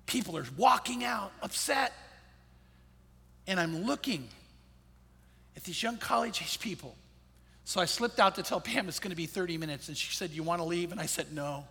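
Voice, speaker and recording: A man's voice: high voice, expressive, normal speed, gravelly, pauses often, pushed and bright, husky. A man preaching a sermon in a conversational, storytelling way, repeating his key phrases. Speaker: pastor. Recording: long hall reverb.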